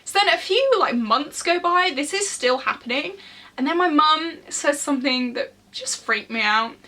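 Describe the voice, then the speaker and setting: A bright, high-voiced young woman in her twenties sits indoors and tells a casual storytime to a camera. She is animated and laughs often, and she acts out the quoted dialogue in her story. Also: moderate pace. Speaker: vlogger. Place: indoor room, seated.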